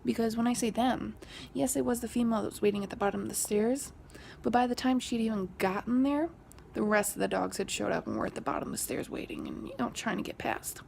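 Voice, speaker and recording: Hushed, gravelly young woman vlogger. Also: a little high, quick pace, slight background noise. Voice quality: gravelly fry. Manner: whispery, hushed retelling that rises when quoting an argument. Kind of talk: casual storytelling.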